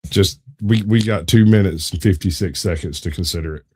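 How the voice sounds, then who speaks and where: Lower-voiced joking male co-host. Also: brisk, darkish tone, slightly rough. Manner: joking, teasing, crude humor. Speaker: podcast co-host. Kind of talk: casual chat.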